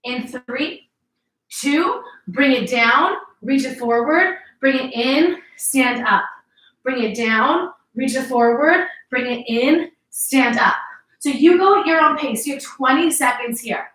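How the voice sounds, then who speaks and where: Bright upbeat woman fitness instructor. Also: sits high, slow pace. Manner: upbeat, encouraging, cueing moves. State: out of breath at times. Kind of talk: coaching a workout class. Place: home workout space, indoors. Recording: roomy echo, mic at a distance.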